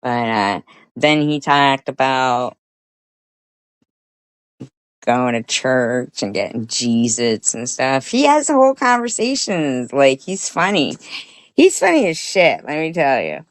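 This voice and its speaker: A woman's voice: extremely low pitch, big pitch swings, slow, dry recording. A woman vlogger casually telling a rambling story, swearing and laughing often.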